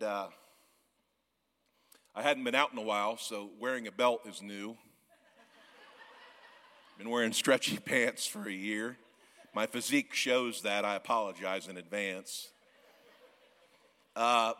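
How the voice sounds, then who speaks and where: A man in his forties, a guest pastor from the Missouri Ozarks, preaching a sermon in a church auditorium, loud and yelling, often laughing. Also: lowish voice. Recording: long church hall reverb.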